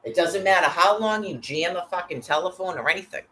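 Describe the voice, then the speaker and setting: Woman, angry rant, constant cursing, bright cutting voice. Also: lowish voice, brisk, low-quality recording. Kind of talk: angry profane rant to camera.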